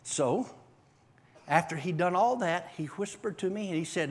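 A man preaching a testimony to a church congregation, telling his story in an animated way with bursts of shouting and laughter. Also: sits high, moderate pace, breathy edge. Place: church service.

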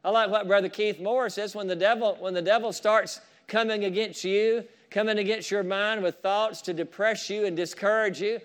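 A man with a high voice preaches a fervent sermon. He talks straight to the congregation, and his praise rises into loud calls. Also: steady tone, moderate pace, hardly any pauses, clean tone. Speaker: pastor.

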